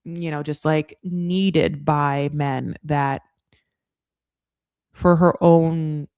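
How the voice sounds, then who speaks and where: Woman recap host, lowish voice, dry close sound, rambling and chatty, slips into quick character voices. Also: steady tone, darkish tone, clean tone, no echo. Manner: chatty, rambling, full of "like" and "you know"; acts out cast members in quick quoted voices. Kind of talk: casual recap commentary.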